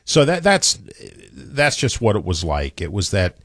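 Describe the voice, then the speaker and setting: Animated New York man on radio. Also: lowish voice, measured pace, no room sound, studio quality. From New York City. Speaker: radio show co-host. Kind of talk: casual radio talk.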